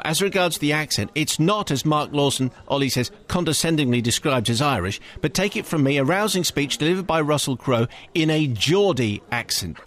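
A man's voice: on the high side, fairly bright tone. A man hosting a radio show, introducing a clip and reading a listener's email in a dry, wry way. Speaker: radio host. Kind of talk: casual radio chat.

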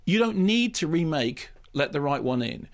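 A man's voice: a little high, sing-song, normal speed. A man giving an impassioned, emphatic radio film review, often restarting his sentences. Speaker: film critic.

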